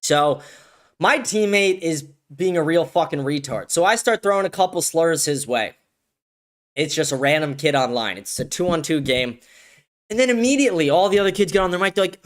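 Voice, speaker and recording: On his solo commentary show, this man rants with lots of swearing, his high-pitched, slightly bright voice animated and fairly quick. He keeps tripping over sentence openings, repeating words as he restarts.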